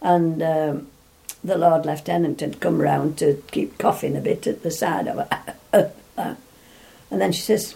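An older woman tells an anecdote in a meandering, chatty way. Her voice sits fairly low and has a gravelly, creaky edge. She keeps restarting her sentences as she goes. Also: steady tone, measured pace, warm tone. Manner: rambling, full of restarts, laughs while telling. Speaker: interviewee. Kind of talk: reminiscing storytelling.

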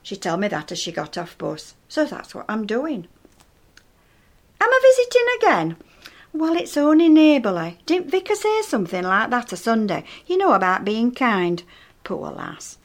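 A woman's voice: fairly high pitch, big pitch swings, normal speed. A woman performing a comic character monologue as a gossipy elderly woman with a Northern English accent and dry, matter-of-fact humour. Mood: chatty. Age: older. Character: chatty, nosy elderly northern widow-type woman.

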